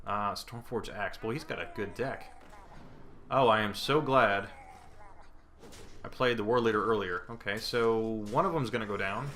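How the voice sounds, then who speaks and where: A man's voice: on the low side, moderate pace, long pauses, sharp tone, a little hiss or hum. A young man commenting on his own card game as he plays, thinking aloud and hesitating between moves. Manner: thinking aloud, hesitant, with playful put-on panic. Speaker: gameplay commentator. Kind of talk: casual gameplay commentary. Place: indoor room at home, planes passing overhead.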